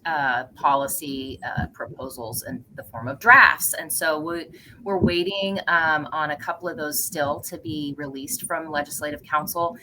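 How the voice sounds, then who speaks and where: A woman's voice: sits low, pushed and bright, slight background noise, low-quality recording. A woman on policy staff giving an upbeat, folksy update, hesitating with fillers. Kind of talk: casual online update talk.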